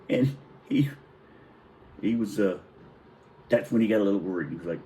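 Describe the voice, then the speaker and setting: A man's voice: lowish voice, normal speed, poor audio. A middle-aged man casually telling a rambling, profane childhood story, acting out the quotes. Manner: rambling, profane, animated retelling with acted-out quotes.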